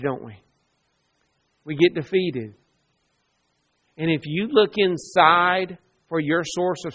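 A man preaching a sermon, moving between loud emphasis and quiet asides and acting out the people he quotes. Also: on the high side, highs cut off.

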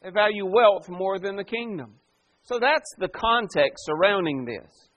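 A male pastor delivers a sermon with a fairly high voice for a man. He preaches with forceful emphasis, pressing his points and asking the congregation questions. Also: animated, a little slow, highs cut off.

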